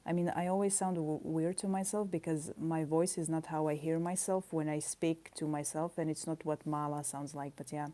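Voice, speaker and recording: A woman with a low, warm, mellow voice talks casually on a stream while drawing at her desk. She rambles softly, thinking aloud and searching for words with small pauses. Her voice is caught by the camera's own microphone. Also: steady tone. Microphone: camera mic.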